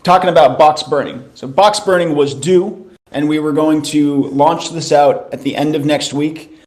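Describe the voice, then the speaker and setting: A man's voice: a little high, fairly even intonation, moderate pace, darkish tone. A man hosting a casual live voice-chat update for his studio's community, laid-back and slangy, drifting through fillers and restarts. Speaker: host of a studio community call.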